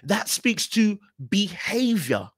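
Emphatic British man, lively pitch. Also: takes it slowly, breathy edge, no room sound, clean studio sound. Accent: British English. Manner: emphatic, repetitive, lecturing. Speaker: podcast host reviewing reality TV clips. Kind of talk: commentary on video clips.

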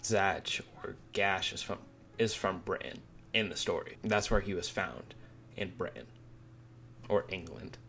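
A man's voice: deep voice, unhurried, gravelly, pushed and bright, slight background noise. A man giving casual, cursing, wry reaction commentary while reading a manga. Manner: cursing, wry, laughs at the story.

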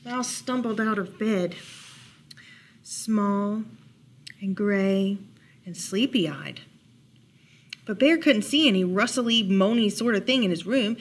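Slow, gentle woman reading a bedtime story. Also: medium pitch, a little hiss or hum. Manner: gentle and unhurried, with playful asides. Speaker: children's librarian storyteller. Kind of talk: reading a bedtime picture book aloud.

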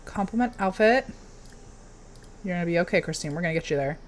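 A young woman giving casual, excitable commentary while playing a video game, cheering on her character. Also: on the low side, fast talker, slight background noise. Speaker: game streamer.

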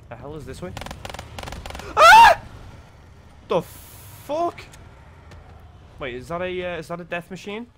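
Brief: guy in his twenties, bright, jumpy, sweary gameplay commentary. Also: fairly high pitch, very fast, hardly any pauses, slight background noise. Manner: excitable, sweary, yelps when startled. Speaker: gaming video creator.

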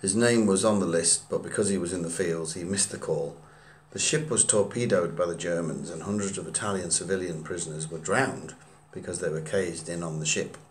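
A man narrating his own musical, reading a script aloud quickly and stumbling over names now and then. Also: low-pitched, a little hiss or hum.

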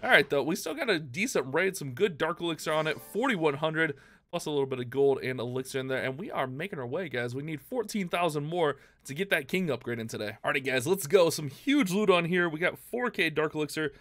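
A man giving rambling, self-mocking commentary on his own gameplay for a video, with excited outbursts. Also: on the high side, a little fast. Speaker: gaming YouTuber.

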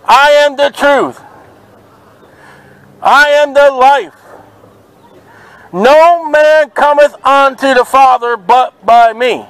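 A man's voice: extremely high pitch, slow, long pauses, fairly bright tone, dry recording, rough recording. A man preaching fervently outdoors at a market, quoting scripture in an open-air sermon. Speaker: street preacher.

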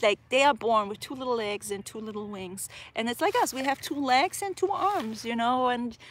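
A woman's voice: a little high, moderate pace, slight background noise. A woman who trains parrots vlogs to camera outdoors in a park and records on her phone. She talks in a chatty, passionate way, full of "like" fillers. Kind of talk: casual vlog talk to camera. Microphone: phone she is filming with.

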